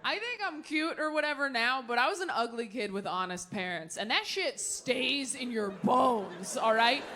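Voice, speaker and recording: Woman stand-up, 30s, sarcastic and quick, live stage mic with crowd noise. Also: a little high, lively intonation, bright, forceful tone. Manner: quick, sarcastic, laughing asides. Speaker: stand-up comedian. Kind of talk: stand-up comedy with crowd work. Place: large theater with audience. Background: audience laughter.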